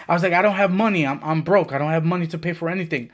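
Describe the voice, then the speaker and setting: A man's voice: on the high side, rapid-fire. A young man, telling a story on a gaming stream in casual, profane talk and acting out the voices in it. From the Bronx, New York.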